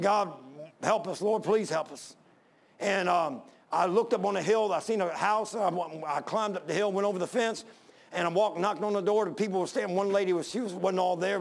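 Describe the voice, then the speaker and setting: A man's voice: high-pitched, creaky. A man preaching a sermon and telling a personal story, fervent and rising to emphatic pleas.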